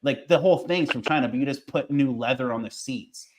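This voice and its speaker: A man's voice: mid-range voice, brisk. Rambling man explaining in a casual chat.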